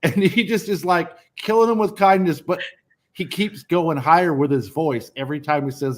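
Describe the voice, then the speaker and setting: A man's voice: a little high, normal speed. A man animatedly telling a funny story in casual conversation, laughing as he goes. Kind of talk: casual chat.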